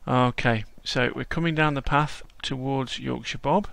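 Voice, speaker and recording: Chatty man with a gravelly voice. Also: mid-range voice, a little slow, a bit bright. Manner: chatty and whimsical. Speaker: host. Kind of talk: casual walkthrough narration.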